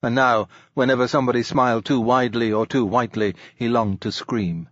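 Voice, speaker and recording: A man's voice: fairly even intonation, a little fast, a bit bright, no echo, highs cut off. Man reading literary fiction aloud. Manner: raises his pitch for quoted characters. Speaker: audiobook narrator. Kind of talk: scripted narration.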